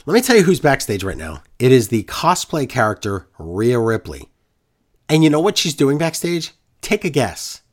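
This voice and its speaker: A man's voice: mid-range voice, big pitch swings, moderate pace. A man co-hosting a casual wrestling recap podcast, ranting in a sarcastic, exasperated way.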